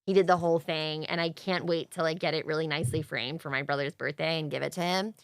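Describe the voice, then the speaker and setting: A young woman co-hosts a casual podcast chat, recounting things with gushing, emotional enthusiasm. Her voice sits on the low side. The recording is dry and close, with no room sound. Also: steady tone, fast, clean tone, dry recording. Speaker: podcast co-host.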